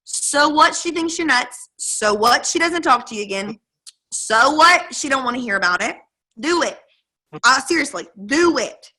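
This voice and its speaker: A direct-sales team leader gives her sales team an emphatic, chatty coaching talk over a video call, acting out quoted dialogue as she goes. Her voice is fairly high with a sharp tone, and the recording is rough.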